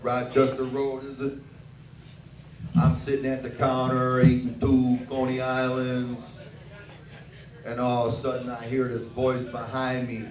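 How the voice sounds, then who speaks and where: A man's voice: mid-range voice, monotone, measured pace. An older man doing a crude, profane stand-up set, acting out the dialogue in his stories. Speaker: stand-up comedian. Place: comedy bar stage. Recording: echoey bar recorded from a distance, noisy.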